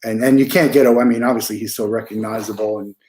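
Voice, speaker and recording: Relaxed male interview host. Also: lowish voice, fast. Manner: relaxed conversational, repeats his questions. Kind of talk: casual interview chat.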